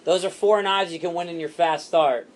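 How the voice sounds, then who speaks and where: A man training a sales team, animated and repetitive, acting out what to say to customers. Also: fairly high pitch. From Italian heritage. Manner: animated, fast and repetitive, acts out customer lines.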